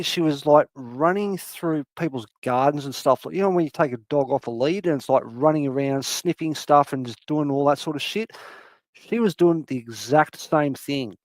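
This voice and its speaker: Casting: a man with a raised voice, animated and foul-mouthed storyteller, close dry sound. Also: on the high side, no room sound. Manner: animated, swears a lot, acts out his cat's voice. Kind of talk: casual storytelling.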